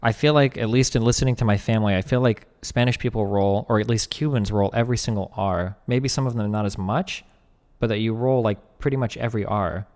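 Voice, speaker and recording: A man's voice: on the low side, a little mellow. Young man streaming with a reverby mic. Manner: reads text aloud quickly, breaks off to chat and joke; swears casually. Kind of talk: casual live-stream commentary.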